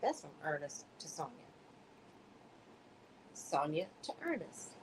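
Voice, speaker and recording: A woman's voice: lowish voice, lively intonation, normal speed, fairly bright tone, slightly rough, low-quality recording. A woman hosting a livestream, chatting in a gossipy way and calling listeners baby. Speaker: livestream host. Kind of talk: casual live stream commentary.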